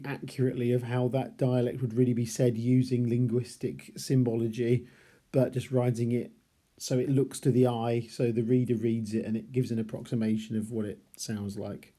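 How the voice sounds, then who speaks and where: A man's voice: mid-range voice, dark tone. A man teaching literature, talking through a novel chapter by chapter, thinking aloud with hesitant restarts.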